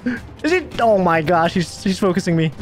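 A young man giving playful, excitable gameplay commentary as a gaming channel host, teasing other players and breaking into high yelps. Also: a little fast, faint music behind. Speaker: gaming YouTuber.

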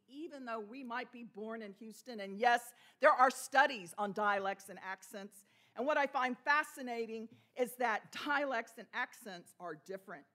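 A woman pastor from Texas preaching a sermon in a church, telling stories in a lively way. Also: a little high. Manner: storytelling with laughs and imitated voices. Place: church sanctuary.

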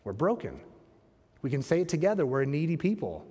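A man's voice: on the high side, very animated, brisk, warm tone, slightly rough. Man preaching in a reverberant church. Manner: conversational, rhetorical questions to the congregation. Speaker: pastor. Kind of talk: sermon. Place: church sanctuary.

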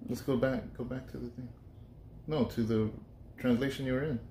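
A man's voice: medium pitch, steady tone, moderate pace, mellow, a little hiss or hum. A man pastor leading a casual Bible study, chatty and joking, thinking aloud with restarts. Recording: echoey room.

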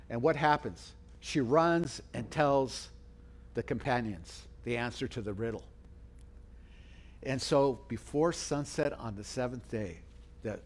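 A middle-aged man preaching a sermon as pastor, telling a story and acting out the quoted voices. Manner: storytelling, acts out quoted voices with big pitch swings.

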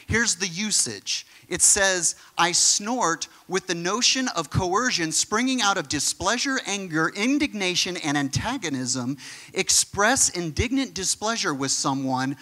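A man preaching a sermon in an animated, conversational way, acting out quotes as he teaches. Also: high-pitched. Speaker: pastor.

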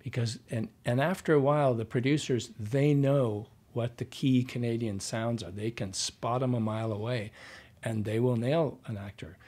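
A middle-aged man with a husky, slightly rough voice talks about his work as a dialect coach. He tells casual stories in an interview, acting out his own past lines in quotes. His pitch sits in an ordinary male middle range. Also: normal speed. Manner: animated anecdotes, quoting himself and others.

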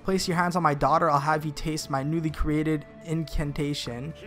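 A man's voice: fairly high pitch, fairly even intonation, normal speed, a bit bright, faint music behind, close to an everyday voice. A man reading the lines of a flamboyant young mage who calls himself a warrior of darkness, from a fantasy game. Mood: grandiose. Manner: grandiose, self-dramatizing.

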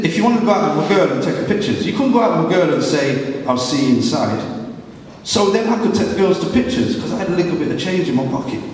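A man's voice: high-pitched, recorded from a distance. Middle-aged man telling stories in an echoey hall. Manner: animated, humorous, acts out voices. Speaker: guest speaker. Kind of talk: storytelling talk to a live audience. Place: large hall at a live event.

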